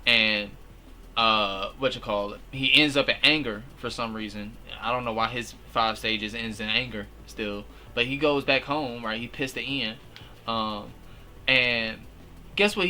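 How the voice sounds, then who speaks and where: A young man giving a casual, slangy movie recap, animated and full of fillers. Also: medium pitch. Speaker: movie reviewer.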